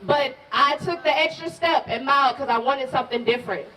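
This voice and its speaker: Woman organizer hyping a crowd, voice gone hoarse, far off, crowd noise all around. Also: high voice, brisk, sharp tone. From Pensacola, Florida, US. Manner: rousing, folksy, calls out to the crowd. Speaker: regional organizer at a rally. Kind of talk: rally speech with call-and-response chants. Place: outdoor protest rally. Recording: distant outdoor crowd recording.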